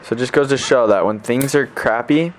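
Young missionary dude rambling a story to camera, like like like, voice at a middle pitch. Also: male voice, a little fast, a little hiss or hum. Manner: rambling, filler-heavy, lots of "like".

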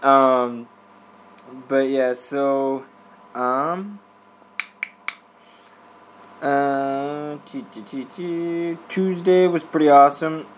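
A man's voice: medium pitch, fairly even intonation, extremely slow, long pauses, a little hiss or hum. A young man, a missionary, telling a rambling casual story with lots of filler words and frequent laughter. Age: young adult.

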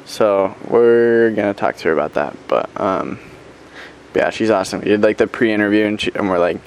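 A man's voice: on the low side, brisk, slight background noise. A man in his twenties, a missionary, giving a casual, upbeat video update, talking chattily with lots of fillers.

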